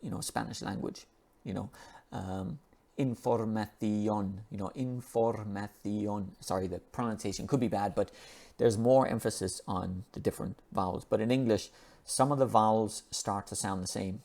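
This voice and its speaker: A man with a fairly low voice gives a relaxed, unscripted English pronunciation lesson. He reads an article aloud and keeps stopping to repeat sounds and words slowly, so students can copy him. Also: gravelly. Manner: slow and repetitive, drawing out and repeating sounds. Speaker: English teacher.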